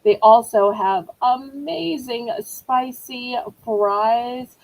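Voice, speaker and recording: A woman's voice: fairly high pitch, expressive, a little slow, a little mellow, low-quality recording. A middle-aged woman hosting a live online auction, chatting in a rambling, apologetic way. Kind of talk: live-stream selling chat.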